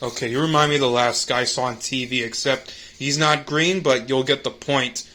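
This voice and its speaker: A man's voice: mid-range voice, steady tone, a little fast, sharp tone, lightly acted. Spider-Man, voiced by a man, wisecracking. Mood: quippy. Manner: quippy and sarcastic. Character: wisecracking young male superhero. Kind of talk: fan audio drama.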